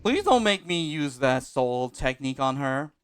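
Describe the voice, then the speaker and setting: A streamer talking live while playing a wrestling game, with loud melodramatic apologies and outbursts, recorded on a home desk mic. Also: mid-range voice, sing-song, normal speed, clear, resonant tone. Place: home room with open windows.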